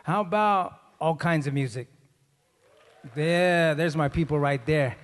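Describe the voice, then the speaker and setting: A man's voice: on the high side, measured pace. A man telling a comic story on stage and hyping up the crowd with call-and-response. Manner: laid-back, joking, audience call-and-response. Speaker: stage performer. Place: large conference hall. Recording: reverberant conference hall.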